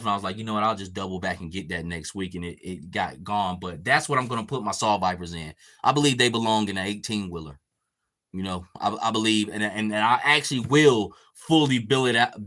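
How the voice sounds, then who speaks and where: A man's voice: on the low side, bright, forceful tone. A man hosting a casual podcast, chatting loosely and swearing a lot while he paints a figure and reads chat comments. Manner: profane, laid-back, reading chat comments. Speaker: podcast host.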